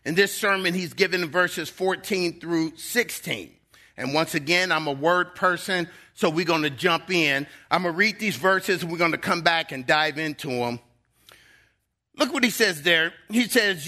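Middle-aged guy preaching, high bright voice, stretches words out for emphasis. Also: normal speed. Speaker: pastor. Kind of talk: sermon.

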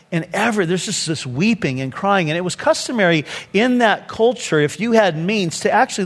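A male pastor preaching a sermon in a church sanctuary, moving between soft, hushed lines and quick, conversational asides. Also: high voice. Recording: long hall reverb.

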